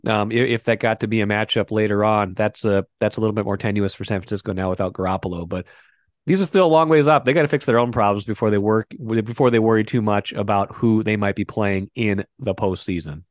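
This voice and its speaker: A man's voice: on the low side, fast, dry recording. A man hosting a casual sports podcast, chatty and teasing, often restarting his sentences. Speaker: podcast host.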